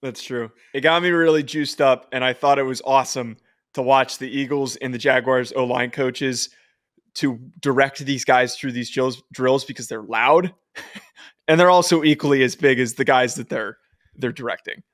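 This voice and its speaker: A man's voice: mid-range voice, moderate pace, fairly bright tone, no echo, clean studio sound. A man co-hosting a football podcast in a casual chat, enthusiastic and prone to voice cracks. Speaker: podcast co-host.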